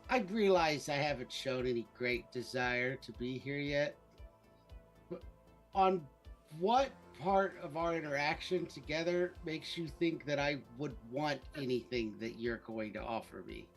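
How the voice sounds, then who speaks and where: A man's voice: fairly high pitch, measured pace, soft background music. A man playing a tabletop game, answering in a dry, sarcastic way. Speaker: player. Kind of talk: tabletop role-play.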